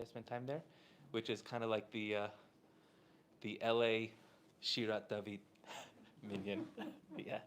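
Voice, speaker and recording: A man's voice: on the low side, slight background noise. A man from Southern California, a Torah teacher telling a casual, chatty story to a live audience, full of "like" and "uh".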